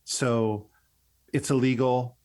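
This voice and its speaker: A man's voice: mid-range voice, steady tone, takes it slowly, darkish tone, clean tone. A middle-aged man speaking as an interview guest, earnest and rambling, often restarting his sentences. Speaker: guest, company CEO. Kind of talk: casual interview.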